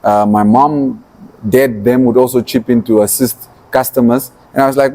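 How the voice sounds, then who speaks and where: In a dark-toned, mid-range voice at a moderate pace, a man from Namibia, an entrepreneur and activist, shares his story as a podcast interview guest. He tells it with energy, voicing his earlier thoughts as if quoting himself.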